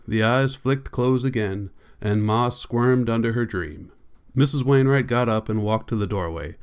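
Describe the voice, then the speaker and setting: A man reading a novel aloud as an audiobook narrator, in a plain, unhurried manner, lightly voicing the characters' lines. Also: medium pitch, clean tone. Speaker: audiobook reader.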